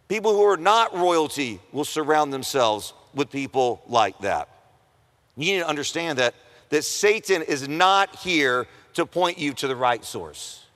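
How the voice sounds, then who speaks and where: A man's voice: on the high side, fairly bright tone. A man preaching a sermon to students in a conversational, humorous way, acting out the voices of people in the story. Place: chapel or auditorium at a Christian school. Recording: long hall reverb.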